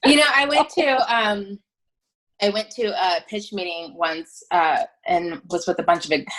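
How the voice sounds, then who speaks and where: Animated woman venting on a call. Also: mid-range voice, unhurried. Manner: blunt and animated, speeds up when heated. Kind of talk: casual roundtable chat. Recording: video call.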